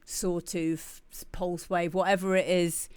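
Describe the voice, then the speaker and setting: Woman streamer rambling about music, smooth clear voice, dry close sound. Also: lowish voice, flat delivery, a little slow, a little mellow, no room sound. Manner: chatty, restarts and repeats words often. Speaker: streamer giving music feedback. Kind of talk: casual live-stream talk.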